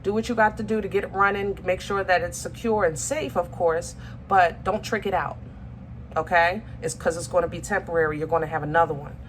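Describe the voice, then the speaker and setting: A woman's voice: fairly low pitch, fairly even intonation, brisk, slight background noise. A woman giving a casual tarot reading to her viewers, chatty and affectionate, often stopping to search for her words. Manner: chatty, affectionate, calls viewers baby and y'all; searches for words, many ums and restarts. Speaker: tarot reader.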